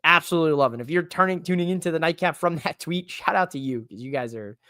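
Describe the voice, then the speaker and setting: A man hosting a live-streamed podcast in a casual, excitable, rambling way, with emphatic bursts. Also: on the high side, quick pace, no room sound, studio quality. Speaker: podcast host.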